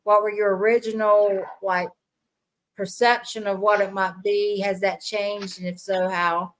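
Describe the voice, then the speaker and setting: A woman's voice: medium pitch, level tone, unhurried, a little hiss or hum, low-quality recording. A woman hosting a podcast, asking long, winding interview questions. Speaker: podcast host.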